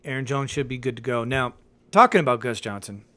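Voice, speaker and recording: A man hosting a casual podcast, ranting in an animated way with swearing and laughter. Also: mid-range voice, brisk. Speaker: podcast host. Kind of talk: casual fantasy football podcast chat. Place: home in the mountains.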